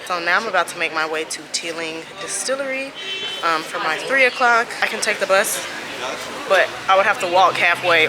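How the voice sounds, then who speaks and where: A woman travel vlogger talking in a casual, chatty, slangy way. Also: on the low side. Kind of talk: casual vlog chat.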